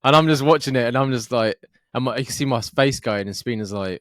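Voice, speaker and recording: A man's voice: medium pitch, fairly quick, dry recording. Sweary Scottish man, dry close sound. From Scotland, Fife. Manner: sweary, animated anecdotes with acted-out dialogue. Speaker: podcast co-host. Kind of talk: casual chat.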